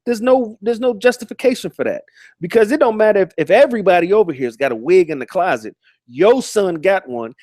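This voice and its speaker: A man's voice: a little high, a little mellow, no echo, studio quality. A man hosting a live stream, ranting in a profane, combative, mocking way and often restarting and repeating words.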